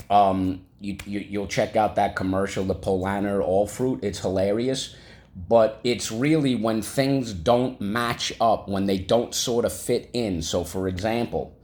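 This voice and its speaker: A middle-aged man leads a vocabulary lesson in a low voice. He takes his time and draws each word out, repeating the key word again and again so the class can echo it back. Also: darkish tone. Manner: slow, deliberate, repeats words for students to echo. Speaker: teacher.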